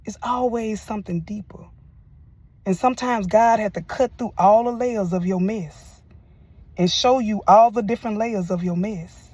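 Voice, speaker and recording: A woman's voice: mid-range voice, moderate pace, a little mellow, slightly rough, dry recording. A woman reviewing a show in casual, sermon-like talk, emotional and full of church phrases. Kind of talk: casual preachy commentary.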